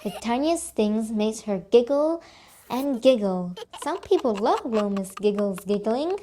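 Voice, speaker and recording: A woman's voice: fairly high pitch, expressive, unhurried, dark tone, slight background noise. A woman reading a children's story aloud in a cheerful way, stopping to ask young listeners questions.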